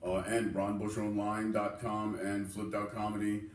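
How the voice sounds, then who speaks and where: A man who is a comedian, a guest on a talk show, energetic and salty-mouthed as he chats. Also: on the low side, moderate pace. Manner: energetic and swearing, running through tour plans. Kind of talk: casual interview chat. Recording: echoey room, voice from a distance.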